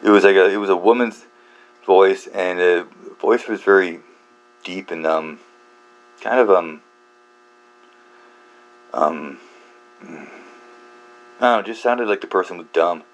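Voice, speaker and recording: A man who hosts a book channel rambles through a casual monologue, halting often with fillers and restarts, swearing a lot and laughing at himself in a self-deprecating way. His voice sits low, and the high frequencies are cut off.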